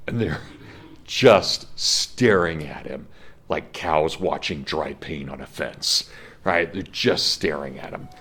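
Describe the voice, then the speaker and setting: A man's voice: very deep voice, takes it slowly, a bit bright, slightly rough. A middle-aged man, a college professor, giving an earnest classroom lecture and telling a story with feeling, his voice at times cracking with emotion. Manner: earnest storytelling, breaks into laughs when moved.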